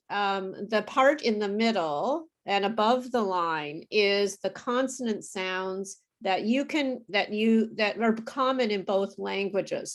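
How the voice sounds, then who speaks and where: A woman tutoring English pronunciation over a video call, explaining slowly and patiently. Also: medium pitch. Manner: slow, careful teacher explaining with apologies and laughs. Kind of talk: online pronunciation lesson.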